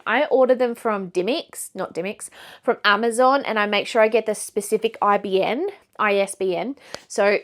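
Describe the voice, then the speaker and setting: A young woman talking casually about books she read, rambling with asides and fillers as she shows them to the camera. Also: on the high side. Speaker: book vlogger. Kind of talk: casual book review chat.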